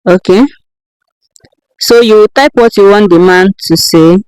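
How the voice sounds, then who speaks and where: A woman explains an app one step at a time, patient and unhurried, stopping often to make sure the viewer is following. Her voice is smooth and clean. It is recorded close and dry, with no room sound. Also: mid-range voice, a little mellow, no room sound, low-quality recording. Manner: patient step-by-step instructing, checking in with "okay?". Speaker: tutorial creator. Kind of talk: screen-recorded how-to tutorial.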